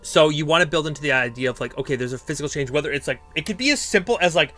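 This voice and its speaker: A man's voice: a little high, animated, very fast, bright, forceful tone, soft background music. A man streaming live, chatting casually and giving character-writing advice, thinking aloud with lots of fillers.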